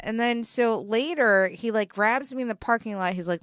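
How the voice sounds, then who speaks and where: A woman's voice: a little high, normal speed, no room sound, studio quality. A young woman with a Yonkers New York accent, rambling through a story in casual podcast chat. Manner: rambling, filler-heavy storytelling. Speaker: podcast co-host.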